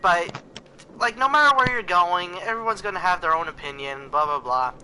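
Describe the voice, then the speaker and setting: A young man co-hosting a casual podcast chat, excitable and rambling, full of fillers. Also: high voice, normal speed, rough recording. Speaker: podcast co-host. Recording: faint background noise.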